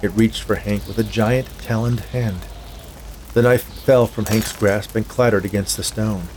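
A man reading a dark tale aloud in a measured, scripted storytelling manner. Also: on the low side, fairly even intonation, slight background noise. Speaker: narrator. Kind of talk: scripted audiobook narration.

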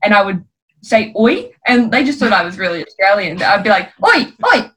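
A woman's voice: mid-range voice, fairly quick, a bit bright, low-quality recording. A woman guest on a podcast, chatting casually with playful asides and frequent giggles.

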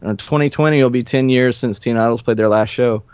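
Here a former punk musician from Nashville, now in his forties, spins casual, cuss-filled tales as a podcast guest, chuckling often along the way. He speaks briskly at a medium pitch, his tone smooth and a little mellow. There's no echo, and the audio is dry, dull and lo-fi.

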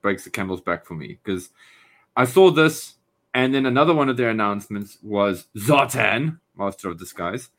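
A man's voice: on the low side, lively intonation, normal speed, fairly bright tone. A man co-hosting a casual podcast chat, talking with enthusiasm and rambling through restarts. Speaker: podcast co-host.

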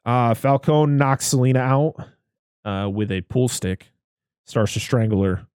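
A man's voice: mid-range voice, a little slow, a little mellow, smooth, no echo, studio quality. A man co-hosting a casual chat, retelling a film scene by scene in a rambling, profane, enthusiastic way. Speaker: podcast co-host recapping a film.

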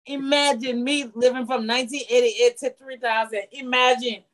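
A woman's voice: on the high side, steady tone, moderate pace. A woman in casual group chat, playful and teasing, acting out little scenes as she talks.

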